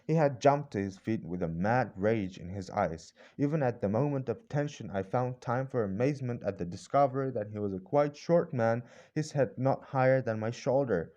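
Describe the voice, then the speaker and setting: A man narrating a classic novel as an audiobook in measured storytelling. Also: mid-range voice, animated, mellow, muffled recording. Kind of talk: scripted narration.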